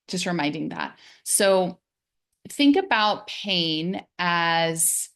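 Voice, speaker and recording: Gentle, encouraging woman wellness coach. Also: lowish voice. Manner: gentle, encouraging, drops into soft soothing tones when modeling self-talk. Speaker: physical therapist and wellness coach. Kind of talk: casual wellness talk.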